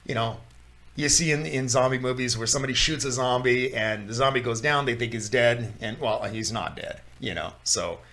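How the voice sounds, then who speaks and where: A man's voice: medium pitch, gravelly, fairly bright tone. Guy rambling on a chat podcast, keeps restarting his sentences, laughs a lot. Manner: rambling, restarts often, laughs while talking. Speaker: podcast co-host. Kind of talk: casual chat.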